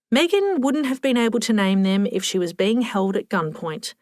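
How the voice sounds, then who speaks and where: A woman narrating an audiobook with a wry, expressive reading, close to the mic. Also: mid-range voice, moderate pace, few pauses, no room sound. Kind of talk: scripted narration.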